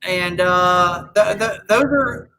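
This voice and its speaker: A man's voice: high-pitched, slow, sharp tone, slight background noise, rough recording. A man co-hosting a podcast in casual chat, opinionated and rambling, often restarting his sentences. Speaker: podcast co-host.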